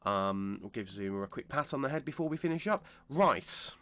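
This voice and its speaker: A British man hosting a gaming channel, talking through a let's-play while unwell with a cold, chatty and rambling, correcting himself and bursting into excitement. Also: medium pitch, normal speed. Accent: British English. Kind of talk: casual let's-play commentary.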